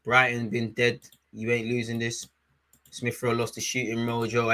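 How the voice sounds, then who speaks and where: A young man hosting a live football watchalong. He is excitable, shouts at the referee and drops to low mutters in between. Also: normal speed, slight background noise. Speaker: fan watchalong host.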